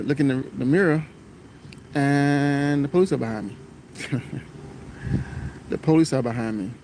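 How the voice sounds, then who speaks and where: A man's voice: mid-range voice, darkish tone. Rambling man with a noisy background. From Florida, United States. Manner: rambling, repeats himself, greets viewers mid-story. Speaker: transit bus driver. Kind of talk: casual live-stream storytelling.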